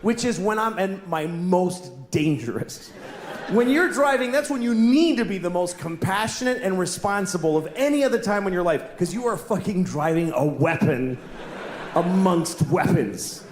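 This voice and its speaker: A man doing a stand-up routine, exasperated and building to shouted rants. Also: high voice, animated, moderate pace. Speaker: stand-up comedian. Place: comedy stage. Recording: echoey venue with audience noise.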